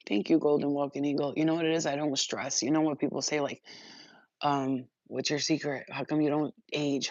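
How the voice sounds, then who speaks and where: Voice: medium pitch, dry recording. A spiritual livestream host in casual, profane chat who often acts out other people's voices. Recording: dull lo-fi dry sound.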